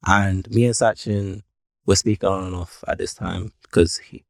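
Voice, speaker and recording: A man's voice: deep voice, steady tone, moderate pace, gravelly, dry recording, studio quality. A young man co-hosting a casual podcast chat, playful and steering the conversation. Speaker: podcast co-host.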